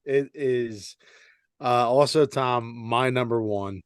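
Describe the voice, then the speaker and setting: Hesitant male podcast co-host, mid pitch, dry close mic. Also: slow, clean tone, dry recording. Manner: hesitant, many fillers and restarts. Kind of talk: casual chat.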